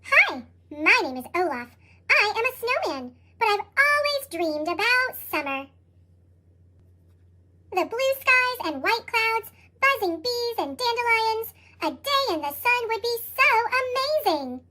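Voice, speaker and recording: Olaf, a dreamy snowman, read aloud, chipmunk-pitched. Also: sing-song, unhurried, sharp tone, full character voice. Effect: sped-up chipmunk pitch shift.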